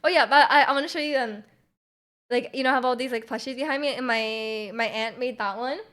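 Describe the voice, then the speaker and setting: A woman with a Canadian accent, chatting casually with viewers on a stream, full of fillers and restarts and quick to laugh. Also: a little high, fairly bright tone. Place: home room.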